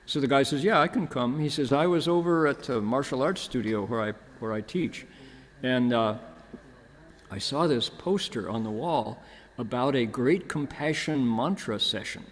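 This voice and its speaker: An older monk gives a dharma talk as a storytelling lecture, relaxed and anecdotal, voicing the people in his story through quoted dialogue. His pitch is ordinary and middling, his pace moderate, and the long reverb of a large temple hall surrounds him.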